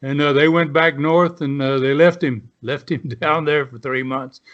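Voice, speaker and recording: A man's voice: a little high, steady tone, moderate pace, a bit bright, highs cut off. A man in his seventies, a retired wrestler, telling rambling stories with many fillers. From southern United States. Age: 70s. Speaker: guest, retired pro wrestler. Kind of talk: casual storytelling.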